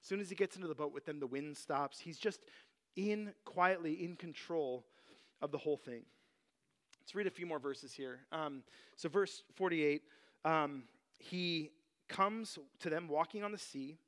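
A man teaching a Bible passage in a relaxed, conversational sermon, full of "like" and "you know". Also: on the high side, unhurried.

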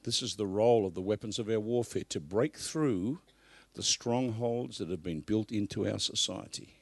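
A man preaching a live sermon at a church service, emphatic, swinging from loud bursts to hushed asides. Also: on the low side, normal speed, vocal fry, dry recording.

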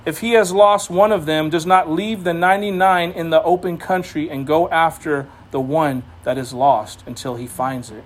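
A man preaching a sermon in a conversational way, mixing Scripture with humorous family asides. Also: high voice. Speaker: pastor.

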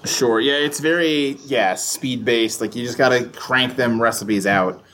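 A man's voice: mid-range voice, measured pace, a bit bright, a little hiss or hum. A man hosting a podcast in casual chat, joking and rambling with lots of fillers. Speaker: podcast host.

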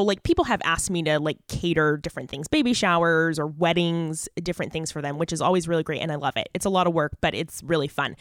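A woman's voice: fairly low pitch, a bit bright, no room sound, studio quality. Chatty woman telling a story. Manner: earnest, chatty, heavy filler use. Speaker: podcast guest. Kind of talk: casual storytelling.

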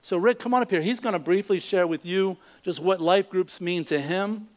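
A man's voice: sits high, moderate pace. A man pastor with a slightly raised voice delivers church announcements to his congregation. His talk is easygoing and conversational, peppered with ums as he moves from one notice to the next. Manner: relaxed, conversational, with frequent fillers. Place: church service.

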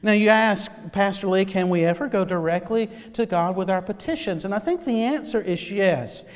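A male pastor preaching a sermon, swinging between loud emphasis and hushed, near-whispered lines. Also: sits high, normal speed, in a large hall.

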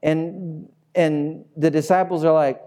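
A man preaching a sermon as pastor, animated and playful, acting out little scenes as he goes. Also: a little high, slow.

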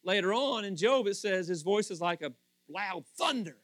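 A male pastor preaches with a high, bright voice and a playful, animated delivery, acting out the people he quotes. The recording is dry and close, with no room echo. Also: normal speed. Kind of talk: sermon.

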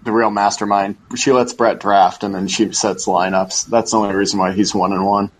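A man's voice: on the low side, level tone, moderate pace, a little hiss or hum, poor audio. A man teasing and joking in a casual podcast chat.

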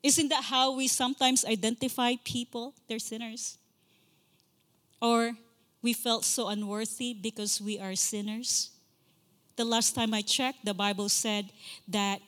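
A woman's voice: a little high, fairly even intonation, fairly bright tone. Impassioned woman preaching in a reverberant hall. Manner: impassioned, repeats key phrases for emphasis; slows to stress scripture lines. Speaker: guest preacher. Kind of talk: sermon. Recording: long reverb of a large hall.

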